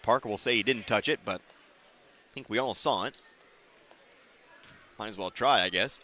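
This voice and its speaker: A man calling a high school basketball game on the radio, quick play-by-play with dry asides. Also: pushed and bright. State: hiccuping. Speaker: play-by-play announcer.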